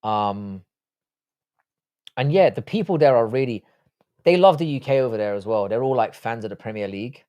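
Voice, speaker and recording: A man's voice: mid-range voice, expressive, moderate pace, long pauses, a little mellow, clean tone, lo-fi sound. A man hosting a casual live stream, reading out viewer chat and answering it with loose, profane talk. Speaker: livestream host.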